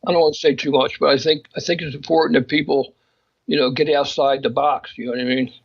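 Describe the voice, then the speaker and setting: A man's voice: a little high, steady tone, quick pace, vocal fry, husky, dull audio. A man co-hosting a casual chat, talking emphatically and opinionatedly in bursts, with frequent restarts. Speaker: magazine co-host discussing photographers.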